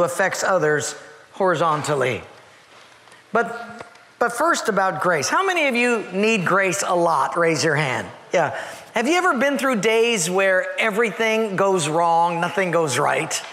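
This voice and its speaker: A male pastor preaching a sermon in a church, with a conversational, joking manner and slowed, emphatic stresses. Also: sits high, very animated, bright, forceful tone, in a large hall, a little hiss or hum.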